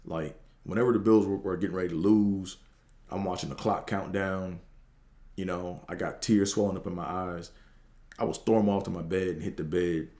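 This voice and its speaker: A man's voice: low voice, steady tone, normal speed, warm tone, echoey room. A middle-aged man from the DC area, hosting a podcast and telling a rambling, profane story full of fillers and restarts. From Washington DC area. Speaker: podcast host. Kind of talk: casual storytelling monologue.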